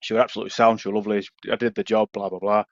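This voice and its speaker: A man's voice: fairly low pitch, racing, no echo, highs cut off. A young Yorkshire man, a podcast co-host, telling a casual story and swearing freely. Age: young adult. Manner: swears freely, lively anecdotes.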